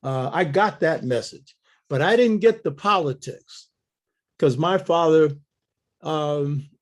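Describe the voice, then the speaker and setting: A man's voice: a little high, slow pace. An older man telling a family story in an interview, blunt and earthy, acting out the quoted dialogue.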